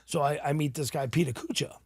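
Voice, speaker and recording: A middle-aged man from New England, telling his story in a casual interview, animated and swearing freely. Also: fairly high pitch, quick pace, husky, dry recording, clean studio sound.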